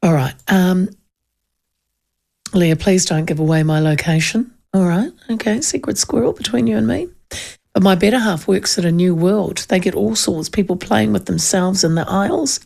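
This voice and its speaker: A middle-aged woman with a New Zealand accent, hosting a radio talk show in casual chat, reading out listener texts and telling animated stories with asides. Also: on the low side, normal speed, vocal fry. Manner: chatty, animated storyteller with asides.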